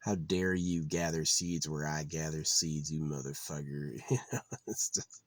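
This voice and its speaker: A man's voice: a bass voice, steady tone, measured pace, no room sound. A man talking to camera in a meandering, profane monologue, full of fillers and restarts. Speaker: vlogger. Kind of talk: rambling casual monologue.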